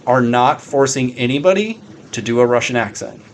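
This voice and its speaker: A man's voice: mid-range voice, expressive, moderate pace, a little hiss or hum. A man co-hosting a podcast in casual chat, rambling with lots of "like" and a good deal of swearing. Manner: rambling, heavy on fillers and swearing. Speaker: podcast co-host.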